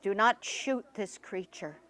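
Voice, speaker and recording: A woman storyteller voicing a proud, wealthy village man who speaks loudly and commandingly. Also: medium pitch, takes it slowly, a little hiss or hum. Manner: loud and commanding.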